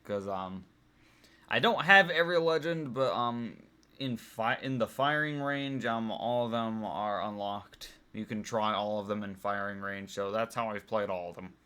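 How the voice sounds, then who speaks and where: A man's voice: on the low side, unhurried, sharp tone, clear, resonant tone. A young man talking casually as he ranks things, rambling with many ums and restarts. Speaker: vlogger. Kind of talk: casual tier-list ranking chat.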